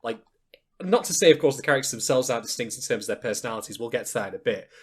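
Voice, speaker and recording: A man co-hosting a casual podcast, talking in an animated, jokey way with exaggerated mock reactions. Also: mid-range voice, very fast, breathy edge. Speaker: podcast co-host.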